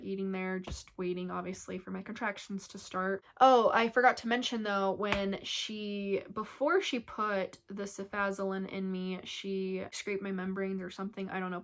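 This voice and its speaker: A woman's voice: mid-range voice, fairly bright tone. A young woman vlogger telling a personal story in a casual, chatty way, filling her talk with "like" and acting out what others said. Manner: chatty, heavy use of "like", acts out quoted voices.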